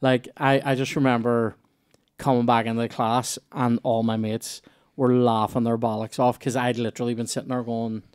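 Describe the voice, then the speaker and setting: A man's voice: medium pitch, little pitch movement, moderate pace, darkish tone, smooth. A man hosting a comedy podcast, telling rambling, sweary anecdotes full of restarts. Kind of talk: casual storytelling chat.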